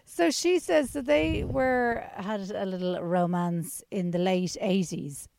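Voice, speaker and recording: A woman's voice: medium pitch, takes it slowly, creaky, darkish tone, slight background noise. A young woman co-hosting a podcast, retelling gossip in a wry, chatty way. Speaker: podcast co-host. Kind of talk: casual chat.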